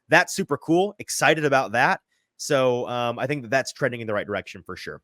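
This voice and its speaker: A man hosting a sports podcast in casual chat, quick and self-deprecating, a little out of breath. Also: medium pitch, fairly bright tone, no room sound. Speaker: podcast host. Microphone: headphones, remote call.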